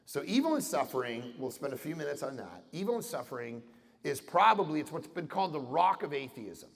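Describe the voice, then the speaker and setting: A middle-aged man from Canada giving an animated talk to an audience, acting out voices in his stories. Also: on the high side, brisk, creaky. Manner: animated storytelling with acted-out voices and jokes. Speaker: conference speaker. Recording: reverberant hall sound.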